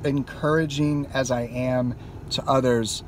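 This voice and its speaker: Speaking unhurriedly in a mid-range voice with fairly even intonation, a gaming YouTuber delivers an impassioned, profanity-filled rant while vlogging in his car. There's slight background noise.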